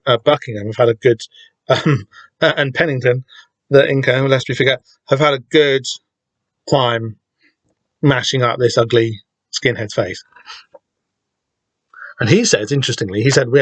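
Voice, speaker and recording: A man's voice: medium pitch, no room sound. A man hosting a podcast, talking casually and rambling with many restarts and the odd swear word. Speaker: podcast host discussing a comic.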